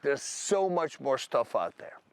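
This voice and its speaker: A man's voice: mid-range voice, sing-song, a little slow, smooth, no room sound. A man sharing his personal faith testimony to camera in an emphatic, conversational storytelling way. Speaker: video creator.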